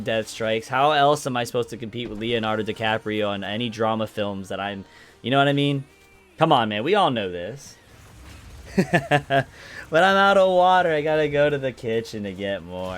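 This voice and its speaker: Over slight background noise, a medium-pitched man calls a video game live with energetic play-by-play and banter with viewers. The esports caster and streamer's voice breaks upward at thrilling moments.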